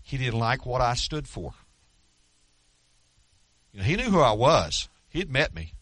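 A man's voice: mid-range voice, very animated, a little slow, fairly bright tone, husky, dry recording. A middle-aged man preaching a sermon as pastor, telling stories earnestly with self-deprecating humor.

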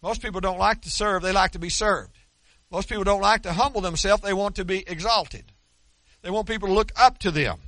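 Man preaching, high voice, bright and forceful, dry close sound, emphatic, folksy asides. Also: dry recording. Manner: emphatic, slows down to stress lines of scripture; folksy, with colloquial asides and repeated words. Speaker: pastor. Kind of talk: sermon.

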